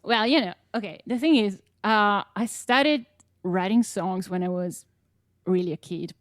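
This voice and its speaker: A woman's voice: mid-range voice, unhurried, no room sound, studio quality. A woman in her twenties with an Italian accent, a singer-songwriter chatting as a guest in an interview. She is easygoing, laughs often and talks with many fillers. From Italy. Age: 20s. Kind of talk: casual interview chat.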